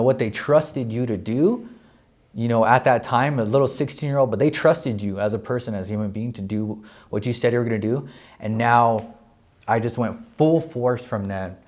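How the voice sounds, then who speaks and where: A young man from New Mexico, a real estate agent, telling his story in a casual interview, excited and profane, filling his talk with "like". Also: medium pitch, moderate pace. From New Mexico, USA. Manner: excited, profane, heavy use of "like".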